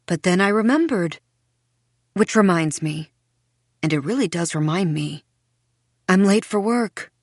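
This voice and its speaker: A woman reading a first-person mystery audiobook in a dreamy, unhurried, faintly unsettling way. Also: fairly low pitch, animated, no echo, clean studio sound. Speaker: audiobook narrator.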